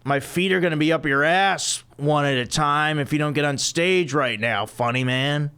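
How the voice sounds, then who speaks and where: A man's voice: a little high, normal speed, sharp tone, pitched above the performer's own voice. A man voicing a grumpy, irritable club owner who barks his complaints in a slightly raised voice. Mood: angry. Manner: gruff, irritable barking. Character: grumpy middle-aged male club owner, gruff.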